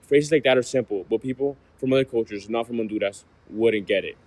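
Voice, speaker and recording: A young man from the United States reading a class presentation, steady, often trailing off quieter at the ends of phrases. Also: mid-range voice, a little fast, dry recording, poor audio. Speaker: student presenter.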